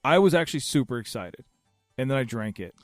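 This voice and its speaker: A man's voice: mid-range voice, big pitch swings, a little fast, no room sound, clean studio sound, faint music behind. A man co-hosting a casual podcast, rambling and restarting with enthusiasm. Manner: rambling, self-interrupting, enthusiastic. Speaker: podcast co-host. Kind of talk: casual chat.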